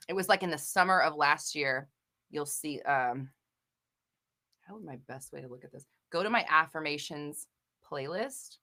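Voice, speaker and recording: A woman's voice: low-pitched, bright, forceful tone. A woman hosting a live Q&A stream, who reads viewer comments and rants with passion, swearing freely. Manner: laughs often, talks quickly.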